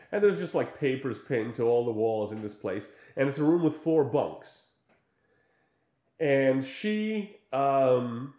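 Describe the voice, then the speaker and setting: A man in casual chat, retelling a film scene by scene and acting out its characters in quick put-on voices. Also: medium pitch, a little mellow, muffled recording. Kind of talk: casual chat recapping a movie. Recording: roomy echo.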